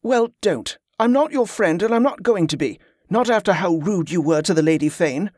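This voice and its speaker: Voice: mid-range voice, lively intonation, moderate pace, a little mellow, no echo, clean studio sound, pitched above the performer's own voice, close to an everyday voice. A reader voicing Jordan, a sullen, defensive teenage boy who answers curtly and grumbles. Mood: hostile. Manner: grumbling, curt. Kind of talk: audiobook character voice.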